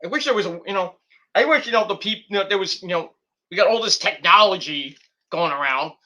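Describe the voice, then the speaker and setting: A man's voice: sits high, very animated, fast, sharp tone, muffled recording. A man vlogging casual, rambling commentary, swearing freely and drifting off on tangents. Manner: rambling, profane, goes off on tangents. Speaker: wrestling review vlogger.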